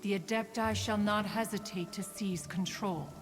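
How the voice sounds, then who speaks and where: A woman's voice: mid-range voice, fairly even intonation, normal speed, loud music behind the voice, lightly acted. An actress voicing a haughty female crane spirit in a video game, speaking formally and aloofly. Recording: game audio with reverb and noise.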